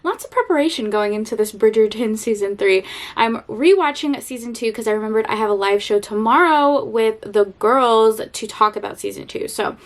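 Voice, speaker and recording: A young woman vlogging casually about a book she is rereading, chatty and animated, laughing and swearing now and then. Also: a little high, moderate pace. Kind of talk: casual vlog chat.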